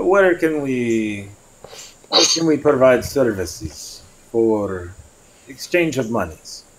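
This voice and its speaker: Man doing a cat-folk adventurer, guarded, slow and clipped, faint hiss behind. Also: mid-range voice, low-quality recording.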